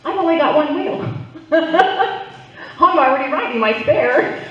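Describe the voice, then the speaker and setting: A middle-aged woman works a live crowd with a playful stand-up set. Her fairly high voice sits a little back from the mic, and the sound comes through dull. A strong, roomy echo surrounds everything she says. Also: expressive, slow, recorded from a distance. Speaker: stand-up comedian. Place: club stage, live audience.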